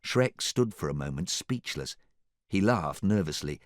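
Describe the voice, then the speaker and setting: A man narrating a children's audiobook with an animated, expressive reading. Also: low-pitched, unhurried, dry recording, clean studio sound.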